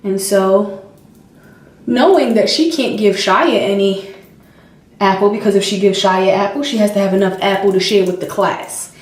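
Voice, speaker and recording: A young woman vlogger chatting casually while she does her makeup, telling stories with animated expression and acting out her toddler's voice. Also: medium pitch, normal speed. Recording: roomy, distant home camera sound.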